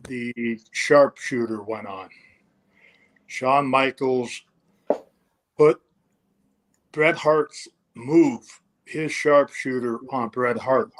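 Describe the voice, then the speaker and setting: Speaking at a medium pitch, an older male interview guest tells a story in an easygoing, anecdotal way. Now and then he swears, and he performs the lines he quotes.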